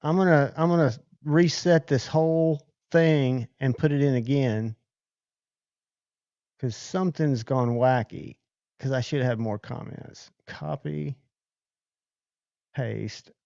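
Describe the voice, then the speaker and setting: A man's voice: medium pitch, takes it slowly, gravelly, pauses often, a little mellow, no room sound, highs cut off. A man hosting a casual livestream, chatting loosely and thanking viewers by name. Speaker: livestream host.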